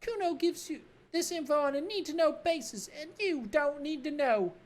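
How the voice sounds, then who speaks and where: A woman's voice: high-pitched, moderate pace, a little mellow, pitched above the performer's own voice, lightly acted. A woman voicing a crude, cocky twelve-year-old boy who talks about himself in third person. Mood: sneering swagger.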